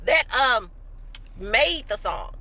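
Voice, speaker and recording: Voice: medium pitch, sing-song, takes it slowly, bright, forceful tone. A commentator in casual chat, gleeful and mocking, talking from a car.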